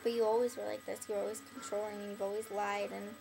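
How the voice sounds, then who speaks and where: A young woman with a medium-pitched voice, vocal fry, and little pitch movement talks quickly to camera over a noisy background. Her casual monologue rambles bitterly and bluntly at an ex-friend, leaning on "like" in almost every phrase and plenty of filler.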